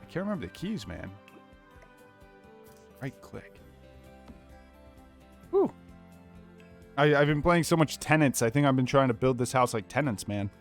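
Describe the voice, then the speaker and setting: A man's voice: mid-range voice, animated, measured pace, vocal fry, long pauses, soft background music. A young man giving rambling let's play commentary from a small home office, chatting to viewers and his dog. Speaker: gaming YouTuber.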